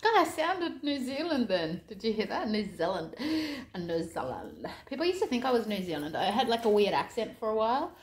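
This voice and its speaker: A woman's voice: fairly high pitch, sing-song, fast talker, hardly any pauses, slight background noise. Chatty Australian woman in an echoey kitchen. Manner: chatty, thinks aloud, self-deprecating asides. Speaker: vlogger. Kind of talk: casual cooking vlog chat. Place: home kitchen. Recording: echoey kitchen with dish clatter.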